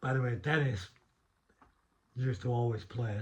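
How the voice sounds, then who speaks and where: Medium in pitch and a little mellow, this man speaks at a moderate pace with a Northern English accent. He's a middle-aged ex-prison officer from Northern England, telling meandering stories in a casual interview, full of restarts and mild swearing.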